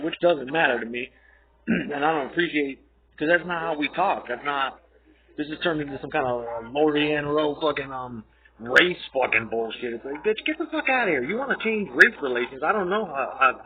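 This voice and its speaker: A man's voice: medium pitch, a little hiss or hum. A man in an aggressive, profane, rambling rant, talking straight at his listener. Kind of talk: ranting monologue. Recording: tinny phone-like audio.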